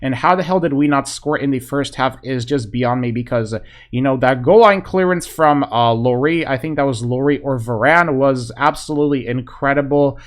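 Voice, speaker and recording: Excitable rambling man reacting to football. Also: mid-range voice, normal speed. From Polish fan. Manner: excitable, rambling, lots of fillers like "man" and "you know". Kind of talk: casual video reaction commentary.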